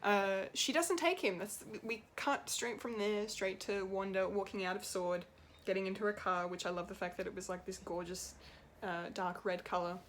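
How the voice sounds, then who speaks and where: Over slight background noise, a woman reviews a TV episode off the cuff, her mid-range voice fairly even in intonation, at a moderate pace with few pauses. As a pop culture reviewer, she is rambling and emotional, laughs a lot, and occasionally swears.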